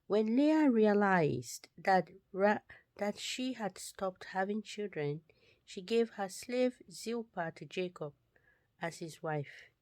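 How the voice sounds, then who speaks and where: Woman, scripture reading, very slow, lowish voice, occasional whispers, dry close sound. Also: a little mellow, dry recording. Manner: slow, deliberate reading that drops to a whisper at times. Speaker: Bible reader.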